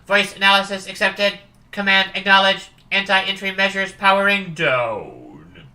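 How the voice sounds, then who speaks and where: A woman's voice: mid-range voice, animated, a little slow, sharp tone. A woman voicing an automated security computer that speaks in formal, clipped announcements. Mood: stern.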